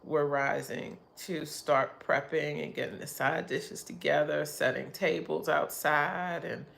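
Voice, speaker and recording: A woman's voice: low voice, fairly even intonation, unhurried, gravelly, a bit bright. A middle-aged woman hosting a casual livestream, chatting in a rambling way and laughing often. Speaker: livestream host.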